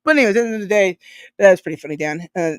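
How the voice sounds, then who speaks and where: A woman's voice: medium pitch, lively intonation, racing, no echo. A woman co-hosting a livestream in loose, profane, jokey chat. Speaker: livestream co-host.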